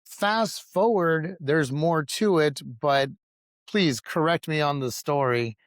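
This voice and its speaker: A man's voice: a little high, takes it slowly, no echo, studio quality. A man from Texas, a comedian hosting a podcast, telling a story casually and acting out the quotes with energy. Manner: animated storyteller, acts out quotes. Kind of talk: casual chat.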